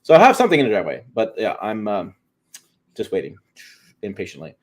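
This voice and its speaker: A man's voice: on the low side, huge pitch swings, quick pace. A man co-hosting a truck livestream, chatting casually and rambling with frequent restarts and fillers. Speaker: co-host of a truck show.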